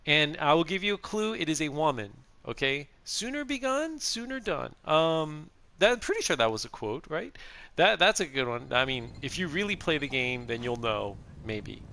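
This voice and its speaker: Chatty, bright-voiced middle-aged man streaming a game. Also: fairly high pitch, animated, normal speed, gravelly. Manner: rambling, chatty, laughs often. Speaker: streamer playing a video game. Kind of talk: casual gameplay chat.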